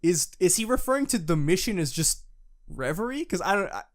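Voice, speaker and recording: A man co-hosting a podcast in casual chat, excited and profane, often acting out characters' lines. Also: high voice, a little fast. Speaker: podcast co-host.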